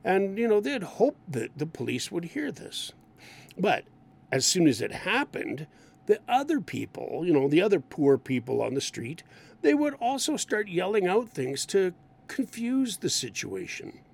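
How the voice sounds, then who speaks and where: Male ESL teacher, gravelly voice, very expressive delivery, acts out examples. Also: sits high, measured pace. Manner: animated, acts out example lines. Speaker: English teacher. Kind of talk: explaining idioms in a lesson.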